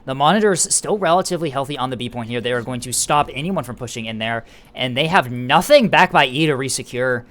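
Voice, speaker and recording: A man casting a space battle game live, calling the play-by-play and getting excited in tense moments. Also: medium pitch, fast, few pauses. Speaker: esports caster.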